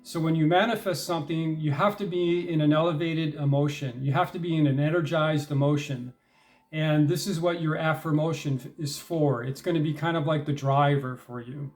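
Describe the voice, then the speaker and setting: A middle-aged man explaining techniques in a loose, chatty way, his voice sitting a little higher than most men's. He scatters fillers and asks "okay?" and "right?" as he goes, then pushes harder and louder on the points he cares about. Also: fairly even intonation, normal speed. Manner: conversational, many fillers and check-ins like "all right?"; grows emphatic and louder when stressing determination. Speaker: self-help speaker. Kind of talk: casual instructional talk.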